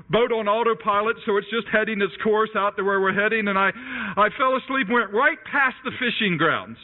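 A man preaching a sermon and telling a personal story in an animated way, raising his voice when he acts out scenes. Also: high-pitched. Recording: tinny phone-like radio broadcast.

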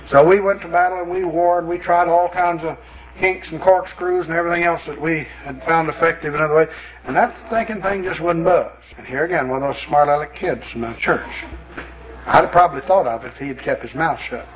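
A man's voice: a little high, quick pace, muffled recording. A man, a pastor, telling stories in a folksy, anecdotal sermon. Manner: folksy, anecdotal, lots of "you know". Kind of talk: sermon storytelling.

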